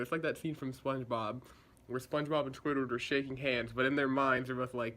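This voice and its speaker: A man's voice: medium pitch, fairly even intonation, brisk, pushed and bright. A young man recapping and reviewing a show episode in a casual, sarcastic, chatty way, slipping into voices for quotes.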